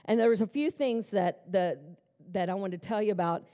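Mellow-voiced woman pastor in an echoey hall. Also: medium pitch, brisk, dull audio. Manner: chatty and conversational, lively storytelling with asides. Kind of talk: conference sermon with personal testimony. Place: large church hall. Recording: long reverb of a church hall.

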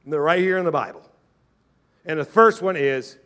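High-voiced, bright-toned male pastor preaching. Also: lively intonation, moderate pace. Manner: impassioned preaching, calls on the congregation to answer; acts out doubters' objections in a lower, quieter voice. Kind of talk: sermon.

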